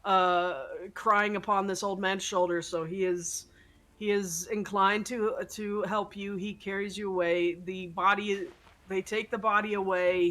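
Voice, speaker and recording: A woman narrating as game master of a tabletop horror game, halting and rambling with many fillers and restarts. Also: medium pitch, fairly bright tone.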